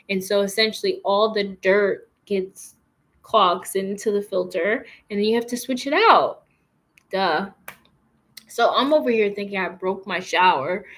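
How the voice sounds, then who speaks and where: In her apartment in a big city, a woman vlogs a casual storytime, chatty and full of fillers and "likes," acting out what people said. Her voice is medium-pitched with a fairly bright tone.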